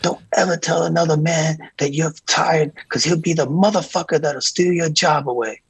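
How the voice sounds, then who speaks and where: A man imitating a brash, loud, profane male music mogul in a casual interview. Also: fairly high pitch, fairly even intonation, normal speed, gravelly, slightly rough, dry recording, voice pushed up, full character voice. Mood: mock outrage. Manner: loud, swaggering, cursing.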